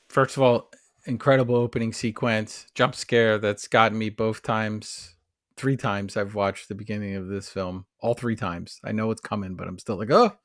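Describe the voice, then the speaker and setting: A man's voice: fairly low pitch, dry recording, studio quality. A man co-hosting a podcast, chatting casually about a movie in a rambling, analytical way. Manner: rambling, analytical, many fillers and restarts. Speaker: podcast co-host. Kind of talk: casual film discussion.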